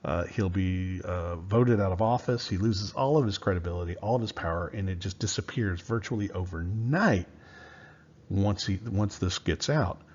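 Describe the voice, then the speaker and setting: A man's voice: sits low, moderate pace, a little mellow, highs cut off. A man giving a casual history lecture in a loose, conversational way, with many fillers and restarts. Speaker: history teacher.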